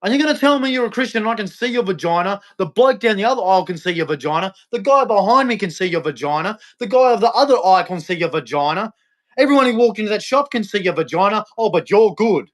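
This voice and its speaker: Here the vlogger's high-pitched voice is animated and fast as he preaches about faith directly into the camera. He keeps heckling and challenging the listener, hammering the same points over and over.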